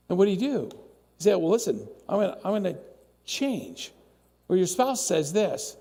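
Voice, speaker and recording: A male pastor with a high, lively voice preaches a sermon and slips into the voices of the people he quotes. The sound carries the long reverb of a church hall. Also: moderate pace. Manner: animated, acts out quoted voices. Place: church sanctuary.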